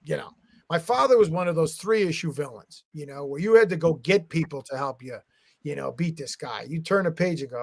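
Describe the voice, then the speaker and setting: A middle-aged man telling stories in a casual chat, animated and profane, acting out quotes. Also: fairly high pitch, fairly quick, creaky, dry recording, clean studio sound. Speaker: guest, comic artist and art agent.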